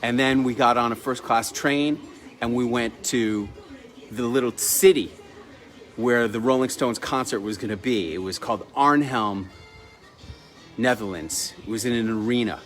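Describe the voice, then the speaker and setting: Storyteller, male, middle pitch, chatty and animated, light music underneath. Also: a little slow. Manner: chatty, lively anecdotal delivery with laughs. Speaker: entrepreneur telling a personal story. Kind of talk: casual storytelling.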